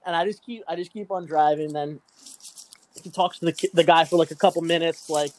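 A man's voice: on the high side, fairly even intonation, brisk, a little hiss or hum, poor audio. A man telling a rambling, profane story in casual chat, packing his talk with "like" and laughing often. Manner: fillers "like" constantly.

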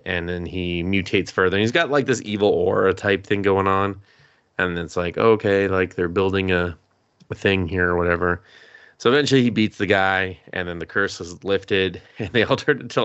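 Male podcast co-host, lower pitch, animated casual recap with voiced quotes. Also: clean tone, no room sound, lo-fi sound. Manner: animated retelling with quick voiced quotes and laughs; swears casually. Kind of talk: casual anime recap chat.

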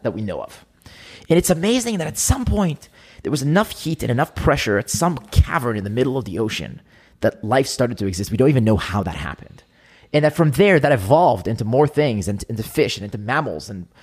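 A young adult man speaking as a podcast guest in an earnest, reflective way during casual conversation. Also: mid-range voice.

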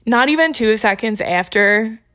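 A young woman casually telling a story to her viewers, exasperated and animated, acting out the people she quotes. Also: a little high, a little slow.

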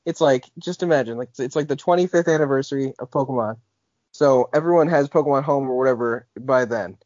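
A man's voice: mid-range voice, fast talker, darkish tone, dry recording. A young man co-hosting a podcast in casual chat, rambling with lots of filler words and restarts. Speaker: podcast co-host. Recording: dull lo-fi podcast audio.

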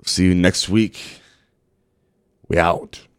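A man's voice: sits low, fairly even intonation, very slow, smooth, no echo, studio quality. A man co-hosting a casual podcast, making offhand, joking remarks. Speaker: podcast co-host.

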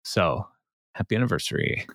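A man's voice: low-pitched, animated, moderate pace, a bit bright, dry recording, studio quality. Man casually recapping a sitcom episode. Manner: laughing, rambling with many fillers. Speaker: podcast co-host.

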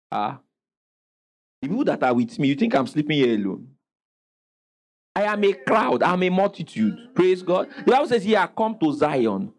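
A man's voice: high-pitched, poor audio. A man preaching a sermon as pastor, calling out questions for the congregation to answer and exclaiming praise.

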